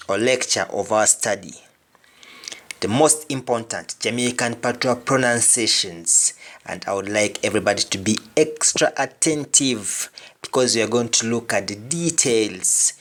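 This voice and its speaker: A man's voice: mid-range voice, unhurried, a bit bright. A man hosting a video language lesson, speaking emphatically and repeating example phrases. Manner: emphatic, repetitive example sentences. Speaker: language teacher.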